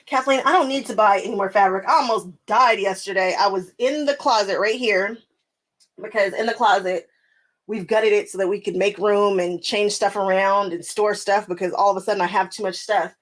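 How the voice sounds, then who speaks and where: A young woman with a mid-range voice chats casually with viewers at a moderate pace while working on her quilting channel. She laughs often and answers people by name. The recording is rough.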